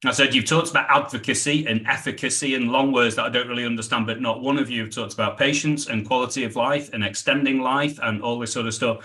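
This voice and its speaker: A middle-aged British man, a sales trainer, telling animated stories in a podcast interview and acting out the dialogue. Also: mid-range voice, fast, hardly any pauses. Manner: animated anecdotes, acts out quoted dialogue.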